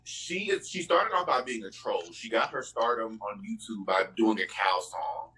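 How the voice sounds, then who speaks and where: A man's voice: lowish voice, lively intonation, moderate pace, pushed and bright, low-quality recording. A man co-hosting a casual podcast chat, giving his opinion at length and saying "at the end of the day" again and again. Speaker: podcast co-host.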